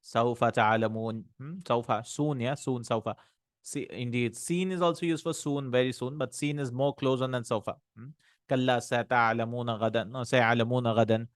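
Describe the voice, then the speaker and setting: A man's voice: mid-range voice, steady tone, no echo. Man teaching Arabic grammar, dry sound. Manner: questioning, checks in with "right?" and "hmm?"; recites Arabic text quickly. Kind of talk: classroom lesson explaining grammar.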